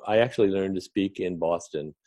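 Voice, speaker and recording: A man with a fairly low voice talks as a guest in a relaxed interview. His delivery is chatty and easygoing, and he slips in self-deprecating jokes as he explains his work. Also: a little fast, noisy background. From Northern New Jersey, USA. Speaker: guest, clinical consultant.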